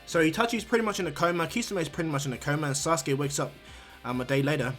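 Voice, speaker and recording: A man casually retells a fan-made story, rambling and restarting often. His voice sits a little high, and faint music plays under him. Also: fast, a bit bright. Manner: rambling, many fillers and restarts.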